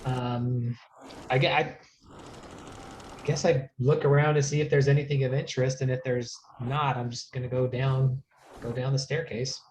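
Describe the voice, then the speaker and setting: A man's voice: medium pitch, little pitch movement, normal speed, a little mellow, a little hiss or hum, low-quality recording. Hesitant man at a tabletop game. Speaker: player.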